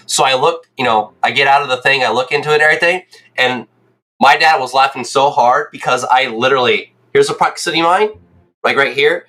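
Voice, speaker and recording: A young man streaming a game, telling rambling, excitable stories in casual chat and checking in with "right?". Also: medium pitch, fairly quick. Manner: excitable, swears.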